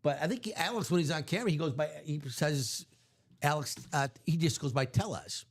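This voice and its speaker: A man's voice: fairly high pitch, lively intonation, brisk. A man hosting a live sports card break stream, chatting casually in a rambling, self-correcting way. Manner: rambling, self-correcting, chuckles at own stories.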